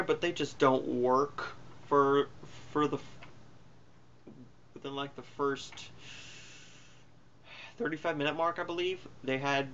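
A man's voice: fairly high pitch, fairly bright tone, a little hiss or hum. Offhand rambling man, muffled lo-fi recording. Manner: rambling and offhand, with fillers and self-corrections. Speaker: film reviewer. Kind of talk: casual spoken movie review.

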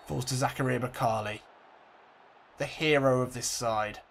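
Guy commentating his football game, mid pitch, gets excited then gutted. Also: moderate pace, creaky. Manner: mock football commentary, swings from excited to glum. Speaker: let's play host.

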